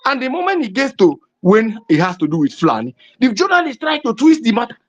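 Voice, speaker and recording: A woman's voice: on the high side, wildly swooping pitch, fast talker. Fiery Nigerian woman on dull lo-fi audio. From southeastern Nigeria. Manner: fiery, emphatic, rises to shouting. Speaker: host. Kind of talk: impassioned political commentary.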